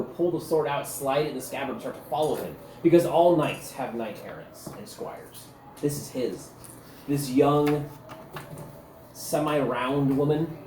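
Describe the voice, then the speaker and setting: A man's voice: mid-range voice, darkish tone, slight background noise. A man as game master narrating a tabletop game in a loose, descriptive way, with frequent filler words. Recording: echoey room with faint ambience.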